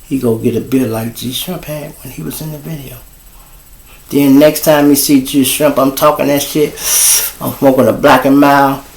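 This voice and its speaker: Heard through a roomy echo, this livestream host talks in a steady mid-range voice at normal speed. He's a middle-aged Chicagoan delivering a casual monologue, lecturing viewers in a blunt, profane, preachy way.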